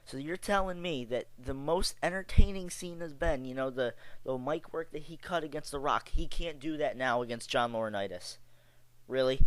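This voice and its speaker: A man's voice: mid-range voice, dry recording, low-quality recording. Sarcastic young man ranting casually. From Chicago area. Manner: rambling, exasperated, sarcastic, with many fillers and restarts. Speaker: wrestling vlogger. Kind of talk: casual opinion rant.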